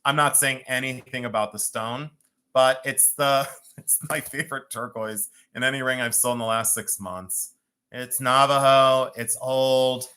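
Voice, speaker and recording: A bright, forceful voice of a host selling rings on a live stream from home. The talk is loose and joking, with frequent laughter between prices and stone names. Pitch sits in the middle of the range. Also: fairly even intonation, unhurried. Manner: chatty, joking, laughs often. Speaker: host of a live jewelry sale.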